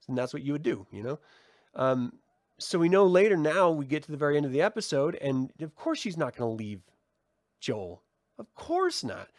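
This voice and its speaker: A man giving a casual review of a TV episode, excitable and gushing, swearing freely and filling his talk with "like". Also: on the high side, dry recording, studio quality. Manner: excitable, swears, many "like" fillers. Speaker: TV series reviewer. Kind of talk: casual video review commentary.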